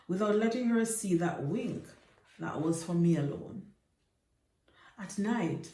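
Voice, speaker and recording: A woman who teaches literature, reading a novel aloud in a careful, measured way. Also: low voice, dark tone. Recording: echoey room.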